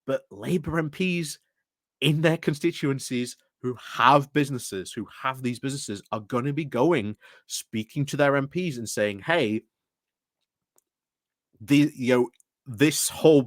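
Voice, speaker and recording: A man's voice: mid-range voice, a little slow, dry recording, studio quality. A man hosting a commentary channel, explaining things in a rambling casual way with many fillers and restarts. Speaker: political commentary channel host.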